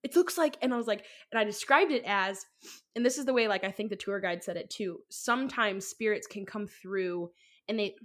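At a normal speed and with a fairly bright tone, a young podcast co-host rambles through a personal story in her mid-range voice. She's casual, full of likes and ums, and swears freely.

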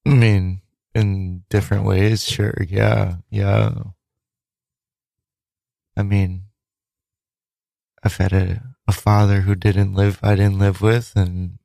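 A laid-back man chats on a radio show with a gravelly, fairly low voice. He answers briefly and pauses to find his words. The sound is dry and close. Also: level tone, mellow, no echo. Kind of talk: casual radio chat.

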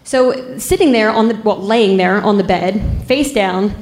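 Woman cop, casual storyteller, dry humor, mid-pitched voice, roomy echo. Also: a little mellow. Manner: unhurried, wry, laughs at the grim parts. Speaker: police officer telling a story.

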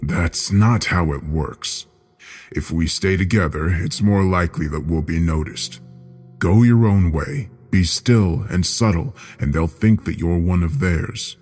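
A man voicing a detached, resigned male stranger in a horror story, speaking quietly and flatly with a husky, low voice. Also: unhurried, in a large hall, soft background music. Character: mysterious detached male stranger, weary and impassive.

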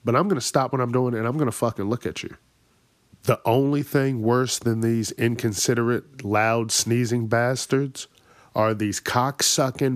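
A man at a mid pitch holds forth in a comic podcast rant, cursing freely and sounding fed up with inconsiderate people. His voice sits close and dry, with no room echo around it. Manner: profane, exasperated ranting. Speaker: podcast host. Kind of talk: ranting comedic monologue.

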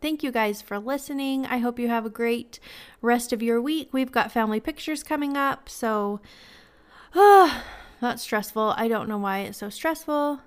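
A woman's voice: fairly high pitch, moderate pace, smooth. A woman in her thirties hosting a podcast, telling stories in a chatty, sentimental way with some ums and laughs. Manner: emotional, tearful at times, sentimental. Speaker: podcast host. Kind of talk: casual podcast storytelling.

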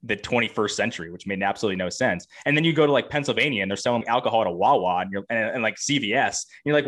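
A man's voice: on the low side, racing, hardly any pauses, fairly bright tone. A man from Connecticut, a podcast co-host chatting casually with wry, ranting asides. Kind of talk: casual chat.

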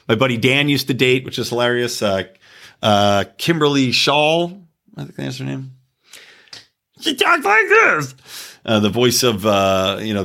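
A man hosting a podcast, ranting casually and profanely, often wandering off topic. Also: medium pitch. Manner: animated, profane, digressive. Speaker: podcast host. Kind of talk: casual opinion rant.

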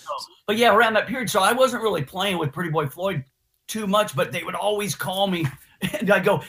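A guitarist guest telling stories in a casual interview, slangy and animated, acting out what others said. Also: male voice, high voice, fairly quick. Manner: animated storyteller, slangy, acts out quotes. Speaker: guest musician.

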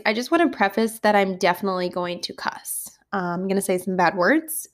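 A woman who is a kindergarten teacher, casually telling funny classroom stories with lots of laughter. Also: mid-range voice. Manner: animated, laughs often while telling stories. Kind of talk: casual storytelling podcast.

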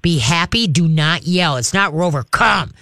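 A man's voice: normal speed, no room sound. Folksy man giving dog-training advice, dry studio sound. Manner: folksy and chatty, often checks in with "all right?"; slips into a high, bright coaxing voice to show dog-calling. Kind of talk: casual radio advice chat.

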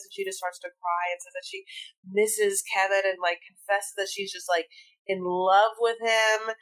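A woman's voice: mid-range voice, a little slow, a bit bright, poor audio. A woman co-hosting a podcast, retelling reality TV scenes in a loose, rambling way full of "like". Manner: rambling, heavy use of "like". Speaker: podcast co-host. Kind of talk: casual recap chat.

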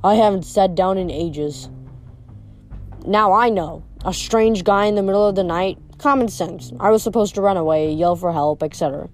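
A woman reading a first-person novel aloud in steady storybook narration. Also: medium pitch, brisk, hardly any pauses, faint music behind. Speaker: audiobook reader.

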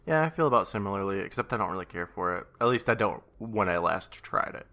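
A man's voice: fairly low pitch, lively intonation, quick pace, bright, forceful tone. A man co-hosting a podcast, chatting casually and laughing with dry asides. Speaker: podcast co-host. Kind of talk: casual chat.

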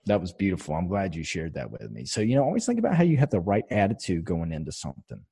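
A podcast co-host with a low, husky, warm voice talks fast in a loose casual chat, his pitch swinging hugely. He's blunt and passionate, swearing plenty in his stories and hammering his point home.

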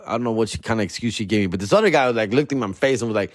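A laid-back man talking into a close podcast mic with a middle-pitched voice in a dry, dead room. He chats casually and swears freely, dropping street slang as he rambles through his solo show. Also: sing-song, rapid-fire, few pauses, dry recording. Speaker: stand-up comedian and podcast host.

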